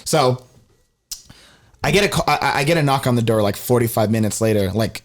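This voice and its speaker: A man's voice: mid-range voice, fairly quick. A young man co-hosting a casual podcast, telling a story with lots of acted-out quotes and swearing. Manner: animated storyteller, acts out quotes, swears freely. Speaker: podcast co-host.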